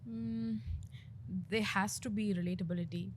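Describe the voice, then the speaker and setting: Young woman comic, chatty, laughs a lot, middle pitch, faint hiss. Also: fairly even intonation, moderate pace. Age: young adult. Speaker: comedian guest. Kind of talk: casual interview chat.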